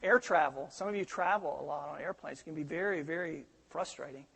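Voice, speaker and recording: A man's voice: on the high side, fairly quick, vocal fry, a bit bright, slightly rough, long reverb tail. A middle-aged male pastor preaching a sermon, telling stories animatedly and acting out the quoted voices.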